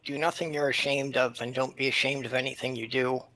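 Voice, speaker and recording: A man's voice: mid-range voice, level tone, fairly quick, bright, forceful tone, rough recording. A man co-hosting a casual podcast chat, with dry, wry remarks. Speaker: podcast co-host.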